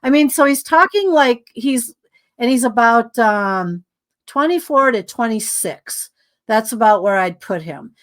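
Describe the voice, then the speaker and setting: A woman's voice: a little high, unhurried. Woman telling a rambling anecdote. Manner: rambling, animated retelling with many asides. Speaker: guest. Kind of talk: storytelling in a podcast interview.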